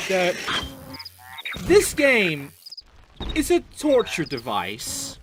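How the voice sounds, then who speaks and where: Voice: mid-range voice, big pitch swings, slow, noisy background. A gaming host giving let's play commentary, ranting in a profane, exasperated way.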